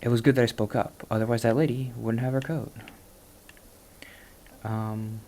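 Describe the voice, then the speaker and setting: A man's voice: mid-range voice, little pitch movement, moderate pace, darkish tone, slight background noise. A man chatting casually while he plays, rambling and self-deprecating. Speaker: gaming vlogger.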